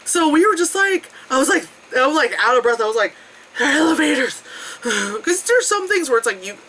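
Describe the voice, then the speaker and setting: A vlogger tells a trip story in a loose, rambling way, with plenty of fillers and swearing. The voice leaps around a wide, lively pitch range. The tone is bright and sharp. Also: brisk, poor audio. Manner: animated, jumping between high and low tones. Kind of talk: casual travel storytelling.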